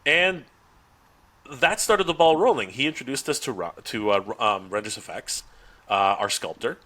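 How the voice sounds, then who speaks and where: A man's voice: medium pitch, normal speed. A man on a podcast, chatting casually and telling a story, acting out the dialogue with frequent laughs and restarts. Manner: animated, acts out quoted dialogue, laughs often, frequent restarts. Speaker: podcast guest, toy YouTuber.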